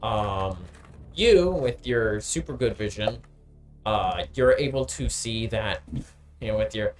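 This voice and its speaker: A man's voice: fairly low pitch, expressive, slow, faint music behind. A man narrating as game master of a tabletop game, casual and hesitant with many ums and uhs.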